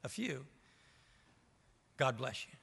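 A man's voice: mid-range voice, sing-song, slow pace, gravelly, fairly bright tone, breathy edge. A man preaching a sermon as pastor, with rising emphasis and rhetorical questions to the congregation. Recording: reverberant hall.

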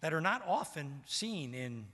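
Older pastor preaching, tells stories and acts out the lines, bright voice, big echo church. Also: male voice, on the high side, big pitch swings, measured pace. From Maryland, US. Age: 70s. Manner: storytelling, acts out quoted dialogue. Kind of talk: sermon. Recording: long church hall reverb.

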